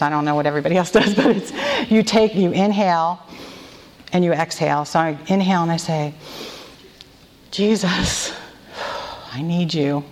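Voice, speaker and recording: A woman with a slightly low voice leads a devotional talk, gentle and prayerful, slowing right down on the phrases she wants repeated. Her voice rings out with a long reverb, as if spoken in a large hall. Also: creaky, a little hiss or hum. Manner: gentle, slow and prayerful, stretching key phrases. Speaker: women's retreat speaker. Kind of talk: devotional talk with group responses.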